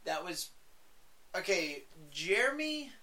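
A man's voice: high voice, big pitch swings, slow pace, bright, forceful tone. A man co-hosting a podcast in casual chat, rambling and profane with many fillers and restarts. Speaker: podcast co-host. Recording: faint background noise, poor audio.

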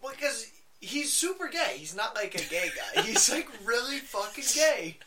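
A man's voice: very high voice, very animated, moderate pace, crowd noise. A man co-hosting a podcast in casual chat, rambling and profane with many fillers and restarts. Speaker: podcast co-host. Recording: faint background noise, poor audio.

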